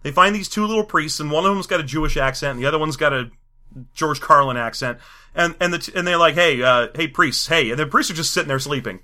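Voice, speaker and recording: A man's voice: on the high side, fast, pushed and bright. A man co-hosting a casual film review chat, sarcastic and mocking, acting out scenes in silly voices. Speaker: podcast co-host reviewing a film.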